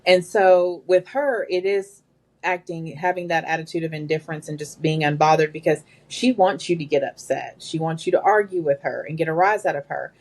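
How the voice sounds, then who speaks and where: A woman's voice: sits low, a little fast. A woman guest telling work stories in casual conversation, quoting the people involved as she goes. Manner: animated, quotes people in their own voices. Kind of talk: conversational storytelling.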